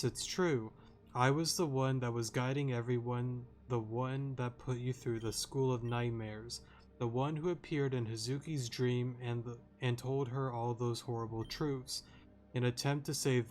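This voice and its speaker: A man reading aloud the lines of a remorseful young woman detective in a game, slow and earnest. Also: mid-range voice, fairly even intonation, natural voice. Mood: solemn.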